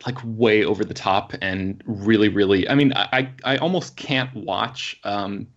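Florida guy co-hosting, easygoing, laughs a lot, lowish voice, kinda muffled lo-fi audio. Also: a little slow. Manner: relaxed, laughs often. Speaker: podcast co-host. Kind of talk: casual chat. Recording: dull lo-fi line.

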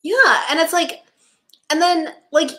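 A woman's voice: very high-pitched, animated, measured pace, bright, forceful tone. A young woman co-hosting a podcast, chatting casually about a TV episode, full of "like" and acting out characters' lines. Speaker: podcast co-host. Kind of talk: casual chat recapping a TV episode.

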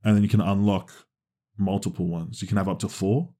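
A young man co-hosting a casual podcast, chatting loosely and jumping into loud re-enactments of his stories. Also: low voice, a little fast. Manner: animated, shouts when acting out stories. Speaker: podcast co-host. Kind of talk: casual chat.

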